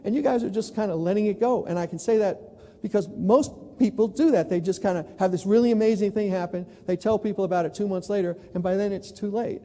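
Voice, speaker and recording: A man from New York giving a plenary talk at a conference, telling stories in an animated, self-mocking way. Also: high voice, fast talker. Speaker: plenary speaker. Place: large conference hall. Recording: long reverb in a large hall.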